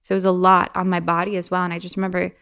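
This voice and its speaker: A woman's voice: fairly low pitch, completely flat delivery, rapid-fire, a bit bright, clean tone. Chatty young woman telling a story. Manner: chatty, many "like" fillers and restarts, laughs often. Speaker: podcast guest. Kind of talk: casual personal storytelling.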